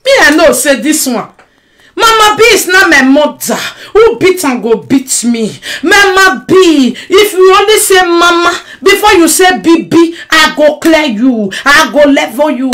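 A Nigerian woman with a high-pitched voice vents straight to her live-stream viewers. She swings from shouting to grumbling under her breath. She mixes Pidgin and English as she goes. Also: animated, unhurried. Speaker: social media personality. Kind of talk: emotional live-stream rant.

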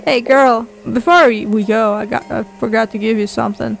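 A woman voicing a small, slimy, kindly male toad who speaks softly and courteously. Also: a little high, steady tone, normal speed, vocal fry, pitched below the performer's own voice, low-quality recording. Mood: gentle.

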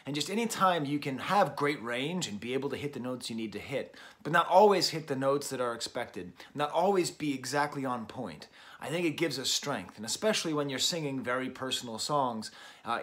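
A man's voice: mid-range voice, fairly bright tone. Chatty man reviewing an album. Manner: chatty, musing, self-correcting with fillers. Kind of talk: casual spoken review.

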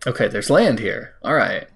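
Gravelly American man narrating gameplay. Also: sing-song, normal speed, a bit bright. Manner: self-mocking, talks to the game, sudden high exclamations. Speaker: let's play host. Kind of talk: casual gameplay commentary.

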